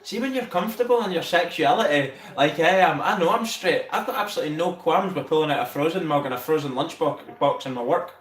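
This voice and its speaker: Sweary excitable man streaming. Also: fairly high pitch, fast, few pauses. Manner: sweary, excitable, laughs often. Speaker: livestream host. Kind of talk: casual live-stream chat. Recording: roomy echo.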